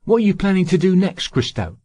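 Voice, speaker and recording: Narrator puts on a grasping, impatient plotter; raised pitch, brisk, pushy delivery. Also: male voice, sing-song, dark tone, dry recording, studio quality. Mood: eager. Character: impatient, greedy male schemer.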